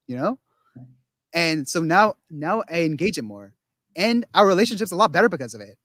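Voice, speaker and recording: A man's voice: on the high side, expressive, fairly quick, a bit bright, dry recording. A man talking casually on a podcast, rambling with many restarts and acting out quotes of other people. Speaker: guest.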